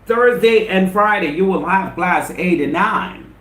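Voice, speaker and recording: A man's voice: sits high, measured pace, fairly bright tone, echoey room. A man with an Indian English accent runs a live spoken English lesson, repeating his points with emphasis and greeting viewers by name. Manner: repetitive, emphatic motivational delivery.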